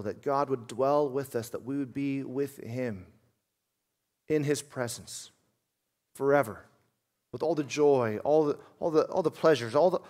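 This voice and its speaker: A man preaching a sermon as a pastor, earnest, dropping to a hush and then rising to loud emphasis. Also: medium pitch.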